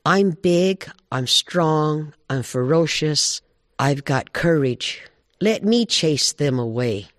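Casting: boastful she-bear, loud and proud, man storyteller, dry close sound. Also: a little high, expressive, slow pace, no echo.

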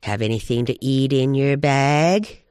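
A man's voice: medium pitch, a little slow, a little mellow, smooth, no room sound, lightly acted. Casting: wheedling trickster coyote, greedy and pushy, played by a man storyteller, dry close sound. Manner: wheedling, nagging. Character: sly hungry male coyote, pestering.

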